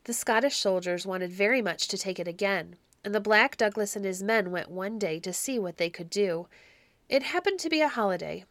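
Woman, storybook narrator, measured and clear, mid-pitched, dry close recording. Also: a bit bright, no echo. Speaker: audiobook narrator.

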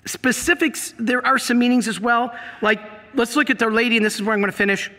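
A man's voice: extremely high pitch, steady tone, fairly quick, bright, forceful tone, big-room sound. A middle-aged man preaching a sermon to a congregation, emphatic and asking them questions. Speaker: priest. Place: church.

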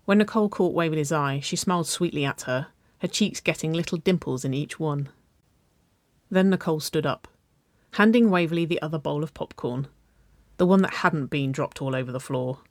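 A woman narrating a children's-style story, reading aloud with a gentle, even delivery. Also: low-pitched, normal speed, no echo.

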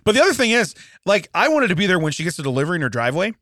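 A man co-hosting a podcast, telling a story in an animated rant, often laughing. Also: sits high, very fast, no echo, studio quality. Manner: animated ranting with frequent laughter. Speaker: podcast co-host. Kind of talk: casual comedic storytelling.

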